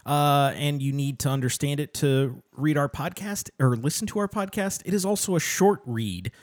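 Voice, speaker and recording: A man's voice: fairly high pitch, moderate pace, darkish tone. A man co-hosting a casual book podcast, chatty and prone to laughing through fumbled intro retakes. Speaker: podcast co-host.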